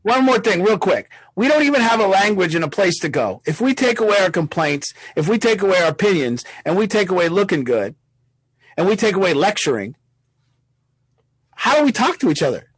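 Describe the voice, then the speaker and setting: A man's voice: high voice, lively intonation, a little fast, breathy edge, low-quality recording. A man leading a recovery support group on a video call, talking bluntly and swearing freely, acting out what others might say.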